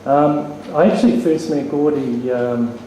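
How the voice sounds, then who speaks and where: A man's voice: medium pitch, fairly even intonation, measured pace, dark tone. A man giving an informal eulogy at a funeral, hesitant and full of ums, with a joking touch. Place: funeral hall. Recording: very echoey hall, faint noise.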